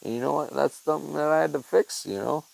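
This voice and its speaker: Gravelly-voiced man rambling casually. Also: fairly high pitch, fast talker, slight background noise, low-quality recording. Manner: rambling, profane, heartfelt, many fillers. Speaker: podcast host. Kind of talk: casual monologue.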